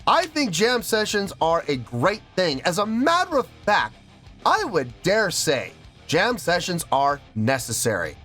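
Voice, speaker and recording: Male reaction host, slow and swooping delivery, theatrical outrage, faint music underneath. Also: high-pitched. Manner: animated mock outrage, drawn-out emphasis. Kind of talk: casual reaction vlog.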